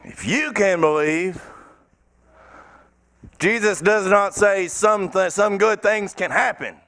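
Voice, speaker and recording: A man preaching a sermon as pastor in a church, fervent and folksy, sometimes breaking into shouts. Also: high voice, slow pace, no room sound. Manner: colloquial, folksy phrasing. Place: church sanctuary.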